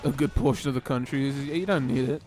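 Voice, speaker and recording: A man's voice: mid-range voice, fast, darkish tone, soft background music. Dry, wry young British-born guy. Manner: dry, wry, laughs often. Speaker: let's-play co-host. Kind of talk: casual chat over gameplay.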